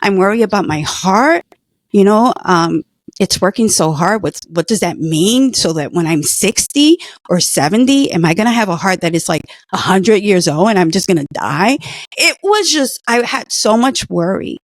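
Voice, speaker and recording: A woman's voice: mid-range voice, lively intonation, normal speed, no echo. Earnest woman telling her story. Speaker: guest, former patient. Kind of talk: personal story in conversation.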